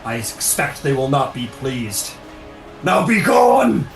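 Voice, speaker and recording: A man's voice: mid-range voice, slow, echoey room, soft background music, natural voice. A man voicing a stern male celestial judge who speaks in solemn commands. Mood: commanding.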